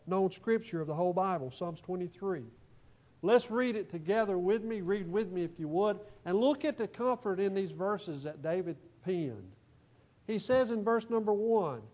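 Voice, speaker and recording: A man preaching a sermon to his congregation, repeating phrases for emphasis and swinging between soft asides and loud declarations. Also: sits high. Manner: folksy, repeats phrases for emphasis, rises and falls in volume. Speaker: pastor. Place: church.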